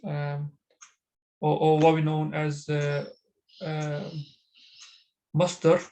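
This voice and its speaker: Halting man teaching Arabic grammar. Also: a little high, flat delivery, warm tone, poor audio. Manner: halting, many fillers and restarts. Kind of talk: online grammar lesson.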